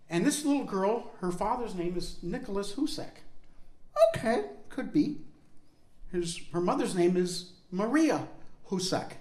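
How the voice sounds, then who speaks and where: A man's voice: high-pitched, echoey room. A man telling a family-history story to an audience in a conversational way, often asking the listeners questions. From United States.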